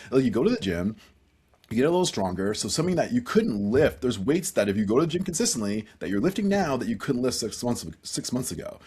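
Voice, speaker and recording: A man's voice: lowish voice, slightly rough. A man who is a professional speaker, telling stories earnestly as a guest in a casual podcast conversation. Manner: animated storyteller, earnest.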